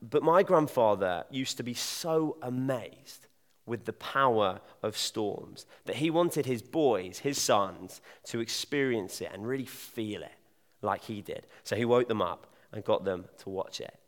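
Chatty preacher from in a reverberant hall. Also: male voice, on the low side, expressive, measured pace. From Devon, England. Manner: chatty, jokey, addresses audience directly. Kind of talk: informal sermon.

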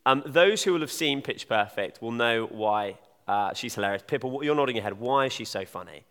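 Chatty preacher from in a reverberant hall. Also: male voice, medium pitch, expressive, fairly quick, fairly bright tone, clean tone. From Devon, England. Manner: chatty, jokey, addresses audience directly. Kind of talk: informal sermon.

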